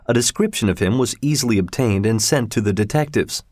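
A man reading a classic adventure story aloud in steady storybook narration. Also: on the low side, brisk, dry recording, clean studio sound.

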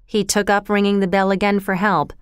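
Clear, dry-voiced woman reading a story. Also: mid-range voice, little pitch movement, a little fast, dry recording. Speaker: narrator. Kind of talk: storybook narration.

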